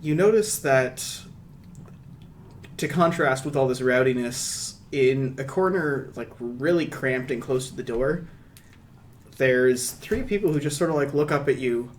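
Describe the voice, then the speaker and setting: A man narrating a tabletop game as game master, relaxed and rambling, with casual asides. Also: medium pitch, unhurried, a little hiss or hum.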